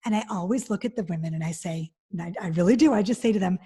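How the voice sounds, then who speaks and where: A woman guest on an interview podcast, telling stories in an animated, expressive way. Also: fairly low pitch, quick pace, hardly any pauses, slightly rough. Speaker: divorce specialist guest. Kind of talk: conversational interview.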